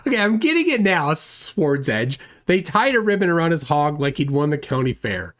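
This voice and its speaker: A man's voice: on the high side, big pitch swings, normal speed, fairly bright tone. Rambling man hosting a livestream. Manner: rambling and self-deprecating, with frequent restarts and chuckles. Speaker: livestream host. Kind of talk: casual livestream chat, reading chat aloud.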